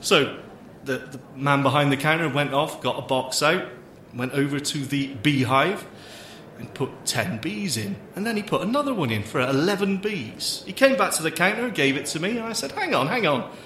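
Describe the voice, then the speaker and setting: High bright man, lively, dry teasing, roomy sound. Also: moderate pace. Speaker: podcast co-host. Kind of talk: playful comedy banter. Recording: roomy sound with faint noise.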